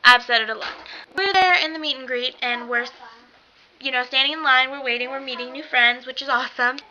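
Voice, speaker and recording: A young woman excitedly gushing in a casual vlog, rambling with lots of fillers. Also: high voice, fairly quick. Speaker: vlogger. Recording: dull lo-fi webcam sound with faint hiss.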